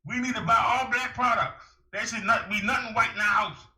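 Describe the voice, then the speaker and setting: A man's voice: very high voice, fairly even intonation, brisk, pushed and bright. Man, emphatic lecturing monologue, piercing tense tone, roomy echo. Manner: emphatic, rhetorical questions, lecturing. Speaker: vlogger giving advice. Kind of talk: preachy direct-to-camera monologue. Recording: echoey room.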